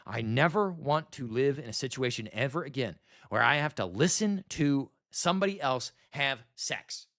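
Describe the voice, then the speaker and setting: Speaking at a moderate pace in a mid-range, slightly bright voice with lively intonation, a male vlogger in his thirties rants to camera. He's bitter and exasperated, swearing and repeating himself as he lets off steam.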